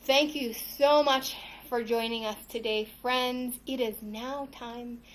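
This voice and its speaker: A woman's voice: on the high side, fairly even intonation, takes it slowly, far from the mic. A woman who teaches yoga to children, cheerfully reading a storybook and leading a class, often calling the listeners friends. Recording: roomy echo, faint noise.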